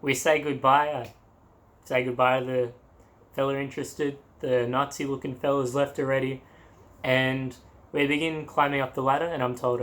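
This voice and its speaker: Young Australian man, mid-pitch, casual animated storyteller, laughs a lot. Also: normal speed. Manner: animated, acts out quotes, laughs often. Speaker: travel vlogger.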